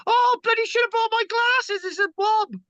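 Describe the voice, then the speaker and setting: A man voicing a fussy, short-sighted onlooker who grumbles in a high squeaky voice. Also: moderate pace, sharp tone, no echo, dull audio. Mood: grumbling.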